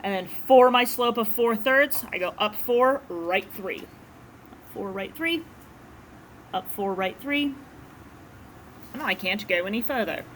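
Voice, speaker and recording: A woman's voice: mid-range voice, expressive, a little slow, fairly bright tone, a little hiss or hum. A woman teaching a math class, explaining graphing in a casual, chatty way to her students in a classroom. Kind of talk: classroom lecture.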